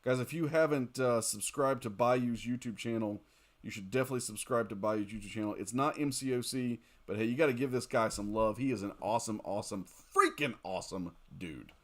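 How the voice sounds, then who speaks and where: A man's voice: mid-range voice, a little fast, a bit bright. A man streaming a mobile game late at night, chatting casually, reading viewer comments aloud, joking and laughing often. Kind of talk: casual live-stream chat while playing.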